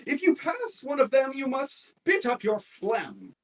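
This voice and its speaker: A game master voicing a brash male stand-up comedian in a tabletop game, telling crude jokes loudly and stretching out the punchlines. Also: high-pitched, wildly swooping pitch, voice pushed up, heavily acted. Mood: joking. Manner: loud crude joke-telling, drawn-out punchlines. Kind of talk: tabletop game role-play. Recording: distant mic, faint noise.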